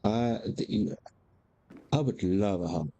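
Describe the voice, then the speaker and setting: A man's voice: lowish voice, expressive, takes it slowly, vocal fry, dark tone. A man, chatting candidly as a game streamer, rambling with frequent restarts and casual swearing. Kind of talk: casual chat while gaming.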